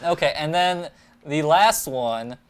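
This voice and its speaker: A man's voice: fairly high pitch, slow pace, smooth. A man hosting a casual live stream, easygoing and agreeable, reading viewer comments aloud. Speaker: host.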